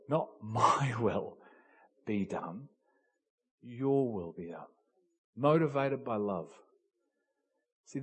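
Husky preacher, loud and soft swings. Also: male voice, mid-range voice. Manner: swings from hushed to shouting, acts out dialogue. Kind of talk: sermon.

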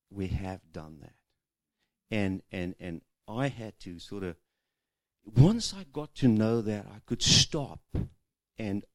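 A man's voice: on the low side, no room sound. Chatty man teaching at a whiteboard. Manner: chatty, storytelling, acts out quoted voices. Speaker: marriage seminar speaker. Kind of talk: teaching talk with whiteboard and stories. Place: room with a whiteboard.

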